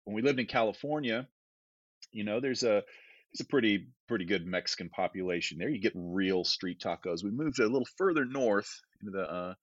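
A low-voiced man talks in a loose, rambling way, full of fillers and restarts, as a guest on a podcast. The audio is dry and a little dull, with the slightly lo-fi sound of a remote call. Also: expressive, a little fast, dry recording. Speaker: guest theologian. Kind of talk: casual podcast conversation.

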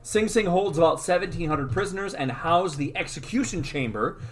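A man's voice: on the high side, lively intonation, moderate pace. Man co-hosting, chatty and guiding. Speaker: podcast co-host. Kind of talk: casual chat.

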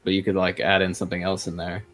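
A man's voice: low-pitched, completely flat delivery, fast talker, fairly bright tone, soft background music. A man in casual chat about tabletop games, enthusiastic and talking in long run-on thoughts. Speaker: tabletop game player.

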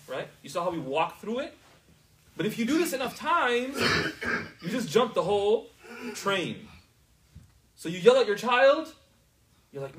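A man's voice: high voice, very animated, measured pace, long pauses, a bit bright, recorded from a distance, poor audio. A man teaching a class in a casual, conversational way, often checking whether his students understand.

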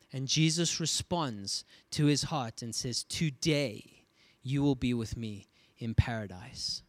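A man's voice: mid-range voice, dry recording. A man preaching a sermon, reading scripture aloud and explaining it with emphatic repetition. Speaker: pastor.

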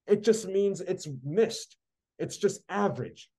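Ranting high-voiced man with a dark tone. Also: lively intonation, takes it slowly. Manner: heated, sarcastic ranting. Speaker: podcast co-host. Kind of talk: casual podcast chat.

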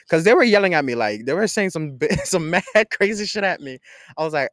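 A young man from Jamaica telling a casual story in a slangy, animated way, swinging between laughing and hushed tones. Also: fairly high pitch, fast talker, no room sound, studio quality.

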